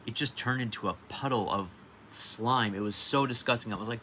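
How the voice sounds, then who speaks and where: A man's voice: medium pitch, fairly quick, bright, forceful tone, a little hiss or hum. A man chatting casually and rambling through a read-along, with lots of restarts and tangents, sounding sleepy. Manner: rambling, restarts often, swears in quoted outbursts. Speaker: livestream reader.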